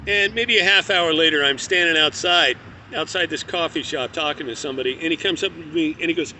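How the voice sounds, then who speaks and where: High, bright-voiced man telling a story. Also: a little fast, a little hiss or hum. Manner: candid, profane, conversational. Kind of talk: casual spoken storytelling.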